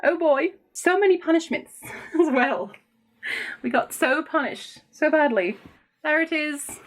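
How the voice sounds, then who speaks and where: A woman with a slightly high voice talks casually to her viewers about books. She is bubbly and exclaims often, in a relaxed vlog chat. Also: unhurried. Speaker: booktuber.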